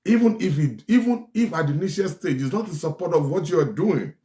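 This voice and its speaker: A man giving forceful relationship advice, often repeating his lines for stress. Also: a little high, animated, fairly quick. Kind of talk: preachy advice talk. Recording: echoey room.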